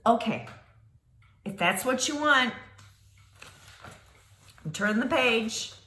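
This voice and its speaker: Woman reading a spooky kids book out loud, high bouncy voice, takes it slow, echoey room. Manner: dramatic, speaks to young listeners. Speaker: storyteller. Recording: roomy echo.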